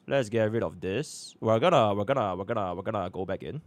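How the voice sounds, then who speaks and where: A man's voice: on the low side, animated, fast. Young guy from singapore livestreaming, mutters and repeats stuff, dry no-echo mic. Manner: chatty, repeats filler phrases, mutters to himself. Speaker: streamer. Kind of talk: casual live-stream chat.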